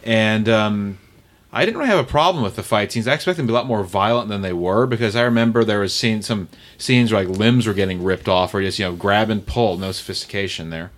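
A man with a low voice giving his take on a film's fight scenes. He speaks in a measured, matter-of-fact way on a casual podcast, with the odd um. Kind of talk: casual movie-review podcast chat.

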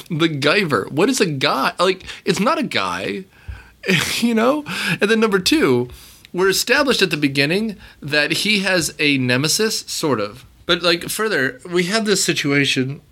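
Animated sarcastic man reviewing a movie. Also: medium pitch. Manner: animated, rambling, sarcastic, frequent restarts. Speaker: podcast host. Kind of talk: casual movie-review podcast chat.

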